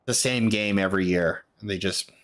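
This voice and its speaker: A man's voice: low-pitched, moderate pace, fairly bright tone. A young man streaming a game, muttering to himself and rambling with lots of fillers in casual commentary.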